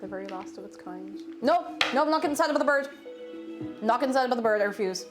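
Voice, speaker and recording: A woman's voice: fairly high pitch, lively intonation, fast. A woman live-streaming from her home kitchen while baking, chatting playfully and humming and singing to herself. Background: music.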